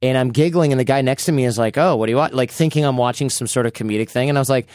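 A man's voice: medium pitch, rapid-fire, a little mellow, no echo, clean studio sound. A man hosting a podcast, chatting casually and telling stories animatedly. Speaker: podcast host.

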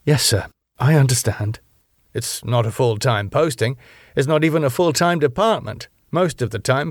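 A man's voice: medium pitch, dry recording, clean studio sound, close to an everyday voice. A man voicing a senior male police chief who speaks formally and probes with careful questions.

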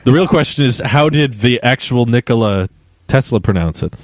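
Dry-sounding young man, lively delivery, casual tech chat co-host. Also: medium pitch, normal speed, no echo. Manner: laughs often, animated. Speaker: podcast co-host.

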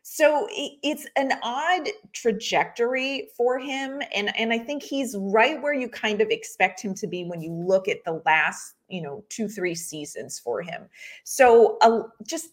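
A woman's voice: a little high, animated, measured pace. A woman co-hosting a sports podcast, gushing and chatty with lots of fillers in casual talk. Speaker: podcast co-host.

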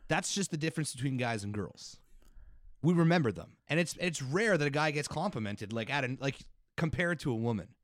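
A man's voice: mid-range voice, animated, brisk, no echo, clean studio sound. A middle-aged father co-hosting a casual podcast, arguing heatedly and swearing as he makes his points. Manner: heated, profane and emphatic. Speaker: podcast co-host.

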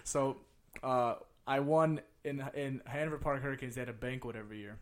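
A young man from the Chicago area hosting a casual chat, telling stories with heavy swearing that gets loud and laughing as they build. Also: medium pitch, fairly even intonation, brisk.

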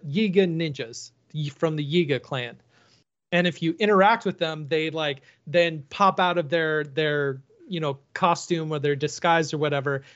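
A man's voice: fairly high pitch, muffled recording. A man hosting a podcast who tells stories in a casual, rambling way and often laughs. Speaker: podcast host. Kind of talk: casual chat.

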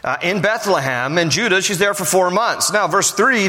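A man's voice: sits high, expressive, moderate pace, few pauses, bright, forceful tone. An older man giving a casual, joking verse-by-verse sermon, explaining the text in everyday slang. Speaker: pastor. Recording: long reverb of a hall.

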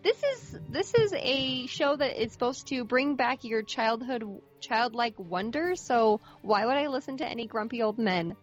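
A woman's voice: on the high side, animated, lo-fi sound, faint music behind. A woman giving emphatic opinions in a casual movie chat. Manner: emphatic, quick to agree. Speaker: podcast panelist.

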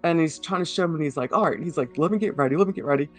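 A man giving a halting personal account in an interview, full of fillers and restarts. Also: a little high, faint music behind.

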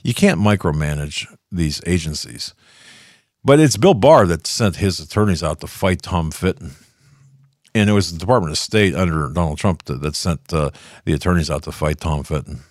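A man's voice: low voice, normal speed, no room sound, studio quality. A man hosting a political talk show, riffing sarcastically in a rambling monologue full of restarts. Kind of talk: casual opinion monologue.

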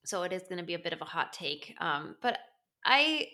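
A woman's voice: lowish voice, big pitch swings, a little fast, sharp tone. A woman co-hosting a podcast in casual chat, hesitant and restarting her sentences often. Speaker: podcast co-host.

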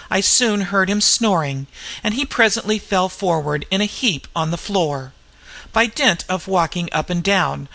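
A narrator reading a first-person ghost story in a measured, tense way. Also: mid-range voice, gravelly, bright, forceful tone. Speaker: audiobook narrator.

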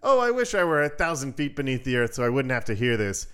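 A man voicing a frightened mother in a fairy tale, who speaks in a shrill and fearful way. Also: very animated, fast talker, fairly bright tone, smooth. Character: frightened woman, a mother full of dread.

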